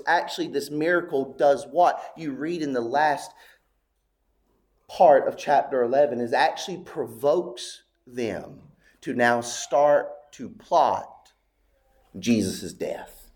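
A man preaching a sermon, telling a story slowly and dramatically, with long pauses and hushed, almost whispered moments. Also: on the high side. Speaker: pastor.

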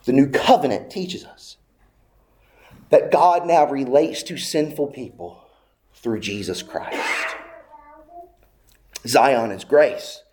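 A man preaching a sermon, emphatic and repetitive, rising and falling in loudness as he drives each point home. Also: takes it slowly, pauses often. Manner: emphatic, repeating phrases, swinging widely in pitch and loudness.

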